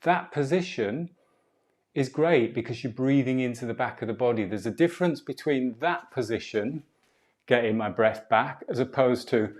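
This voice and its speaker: A man leading a live online qigong and breathwork class, giving calm, drawn-out guiding cues over a video call. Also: medium pitch.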